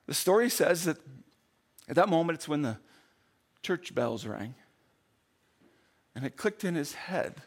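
A male pastor telling a story in a sermon, swinging between loud bursts and hushed, slowed-down passages. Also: mid-range voice, animated.

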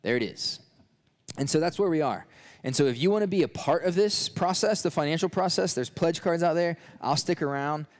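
A man's voice: a little high, fairly quick. Earnest, casual man making an appeal. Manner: earnest, casual, with frequent restarts. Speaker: ministry leader. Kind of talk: sermon and fundraising appeal.

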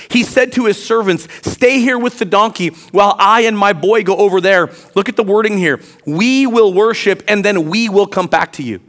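A pastor with a high voice preaches a sermon and reads scripture aloud, swinging between quiet, drawn-out lines and loud, emphatic ones.

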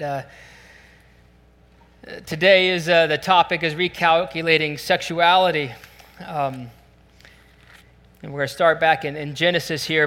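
Male pastor, chatty sermon delivery full of "uh"s, higher pitch, reverberant church hall. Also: bright, forceful tone. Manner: conversational storytelling with frequent fillers.

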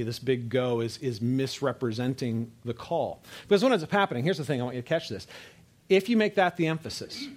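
A man preaching a sermon to a congregation, conversational and emphatic, dropping low and soft on key words and checking that listeners follow. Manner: conversational, builds to emphatic rises, asks audience to follow; frequent fillers and restarts, drops low and soft on key words.

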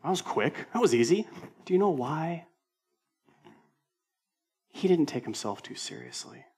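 A senior pastor, a man whose voice is a little high, creaky, and slightly rough, preaches unhurriedly yet animatedly in a conversational way. He drives points home through repetition and uses humor that pokes fun at himself.

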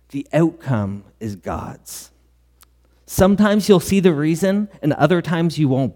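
A man's voice: on the high side, darkish tone. Man preaching in a reverberant hall. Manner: earnest storytelling with quoted dialogue. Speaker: pastor. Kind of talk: sermon. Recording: long church hall reverb.

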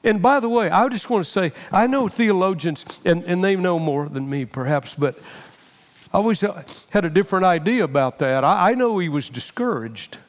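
A man's voice: sits high, animated, normal speed, in a large hall. A middle-aged man preaching a sermon with passion, repeating phrases for emphasis. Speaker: pastor.

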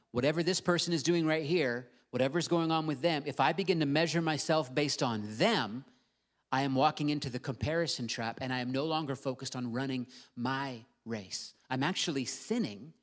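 A middle-aged male pastor delivers a sermon earnestly and emphatically, slowing down to stress key words. His voice is medium in pitch.

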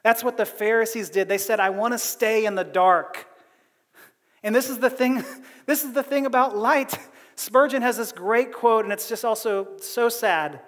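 High-voiced man preaching in a big hall. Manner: animated, laughs often between phrases. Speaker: pastor. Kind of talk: conversational sermon.

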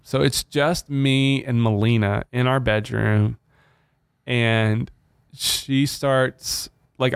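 A man's voice: medium pitch, clean tone, no echo. Podcast guy in his 30s telling a story, acts out the quotes, dry close mic. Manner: animated storyteller acting out quotes. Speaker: podcast co-host. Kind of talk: casual storytelling chat.

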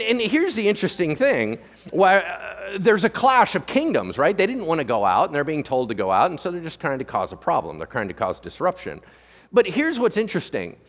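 Male pastor, sermon, playful and animated, higher voice, reverberant church hall. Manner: animated, joking, asks the room questions.

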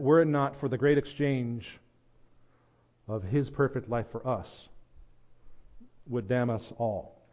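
A man's voice: medium pitch, lo-fi sound. Earnest Southern man preaching a sermon. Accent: Southern American. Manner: earnest, builds to emphatic, repeats words when stressing a point. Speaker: pastor.

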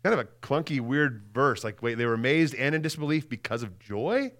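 A male pastor preaches an Easter Sunday sermon casually and animatedly, often repeating words and asking "right?" while swinging between loud emphasis and hushed lines. His voice is mid-range and fairly quick.

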